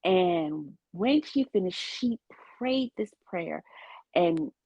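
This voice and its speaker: A woman with a low voice speaks slowly and earnestly, sharing her testimony as an interview guest. The sound is dry and a little dull, as if from a lo-fi recording. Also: expressive, dark tone, husky, no room sound. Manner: earnest, faith-filled storytelling with quoted dialogue.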